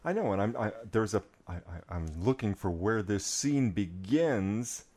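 A man who is an author guesting on a podcast from a living room, halting and self-deprecating. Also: fairly low pitch, expressive, dark tone. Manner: halting, self-deprecating, stumbles over words. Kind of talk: casual chat.

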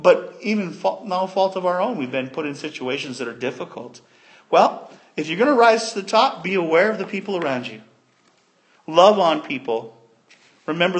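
A man preaching a sermon, retelling a story in an animated way that swings between loud and soft. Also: a little high.

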